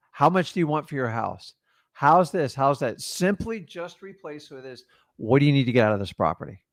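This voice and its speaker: A man coaching beginners in real estate wholesaling, talking straight to the viewer in short, emphatic bursts and acting out quick seller and caller exchanges. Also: medium pitch, fairly bright tone, no room sound, studio quality. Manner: punchy, emphatic, talks straight to the viewer with quick rhetorical questions. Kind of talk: direct-to-camera teaching talk.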